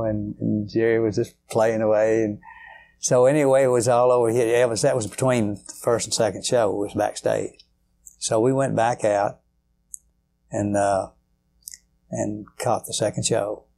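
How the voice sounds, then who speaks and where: Here the guitarist guest talks in a lowish, level voice at a moderate pace, mellow and touched with vocal fry. The older man's interview stories wander, sound homespun, and lean heavily on filler words.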